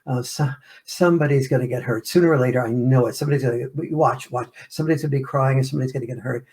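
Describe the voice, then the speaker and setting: A fretful mother who worries aloud over her children's rough play, voiced by a man and heard through a gravelly, creaky voice. She frets without pause and keeps her voice pitched in the middle. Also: a little mellow.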